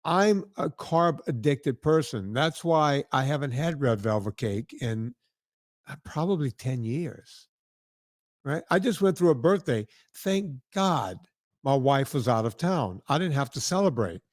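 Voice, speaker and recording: A man's voice: medium pitch, animated, measured pace, no room sound, clean studio sound. A man hosting a podcast, telling rambling stories in casual chat and often checking in with "right?". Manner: rambling, tag questions like "right?". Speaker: podcast host.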